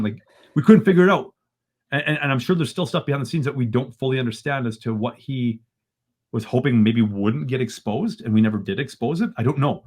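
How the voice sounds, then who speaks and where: A man, a podcast guest retelling events in an animated, exasperated way and often ending lines with "right?". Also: medium pitch, fairly quick, breathy edge. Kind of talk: casual storytelling in a podcast interview.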